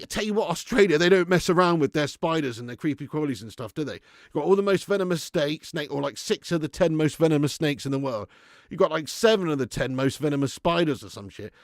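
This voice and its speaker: Bloke running a footy fan livestream, kinda high voice, swears a lot, laughs loads, dry close sound. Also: male voice, vocal fry, no room sound. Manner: excitable, swears freely, laughs often; thanks viewers for donations. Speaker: football fan channel host. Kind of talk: live stream reaction chat.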